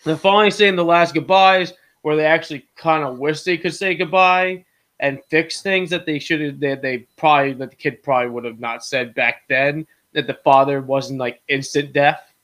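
A man's voice: a little high, steady tone, moderate pace, fairly bright tone. A man chatting casually about a movie, rambling, laughing and swearing often. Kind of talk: casual movie review chat.

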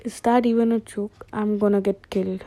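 A woman's voice: mid-range voice, fairly even intonation, moderate pace, warm tone, no echo. A young woman from India talking alone at home at night into a phone voice memo, chatty and self-deprecating, jumping between topics. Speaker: solo podcaster. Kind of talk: rambling casual monologue.

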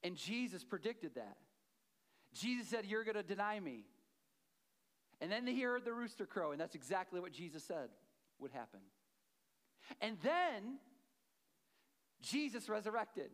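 A man preaches in a chatty storytelling way, stopping to check in with his listeners. He repeats key phrases for emphasis, and his voice sits high for a man. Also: very animated, measured pace, long pauses, fairly bright tone. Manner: conversational storytelling with checks to the audience. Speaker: pastor. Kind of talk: sermon.

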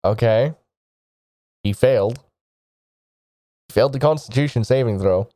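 A man narrating a tabletop game as game master, in a halting way with frequent restarts. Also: mid-range voice, warm tone, no echo, clean studio sound. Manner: halting, with many restarts and laughs.

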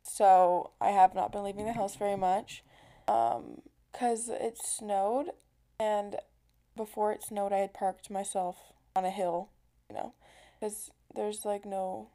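Mellow-voiced young woman hosting a chatty podcast. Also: mid-range voice, takes it slowly. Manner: chatty and rambling, heavy use of "like", casual swearing. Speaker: podcast host. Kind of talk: casual solo podcast chat.

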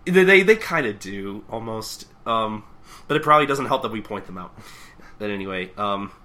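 A man with a low-pitched voice and a very bright, forceful tone, chatting casually as a podcast co-host. He recaps a manga chapter and jumps into quick voices for the characters. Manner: animated, acts out characters' lines in quick voices.

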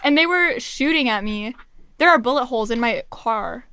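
A woman co-hosting a podcast, telling an animated story in casual chat and laughing through her lines. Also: mid-range voice, moderate pace. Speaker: podcast co-host.

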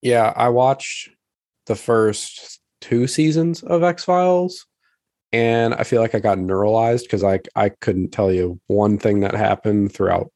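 Man, podcast co-host, easygoing, low voice, dry sound. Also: a little slow, a little mellow, no room sound. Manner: easygoing, laughs along. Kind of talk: casual chat.

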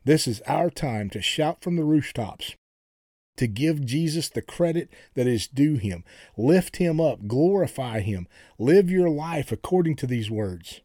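A middle-aged male pastor delivers an earnest sermon in a warm, mellow voice. He repeats words as he builds his points and lifts his pitch when he declares something. The sound is dry and close. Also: animated, measured pace, breathy edge, dry recording.

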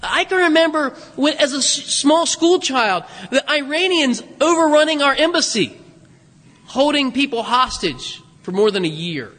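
A bright, high-pitched man in his fifties preaching in an animated, joking way. His voice carries a long hall reverb from the church sanctuary around him. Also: normal speed. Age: 50s. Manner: animated, jokey preaching with self-deprecating laughs. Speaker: pastor. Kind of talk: sermon.

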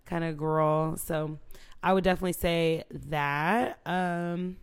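A woman's voice: low voice, steady tone, slow pace, smooth. A young woman co-hosting a podcast in casual chat, blunt and playful, swearing freely. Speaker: podcast co-host.

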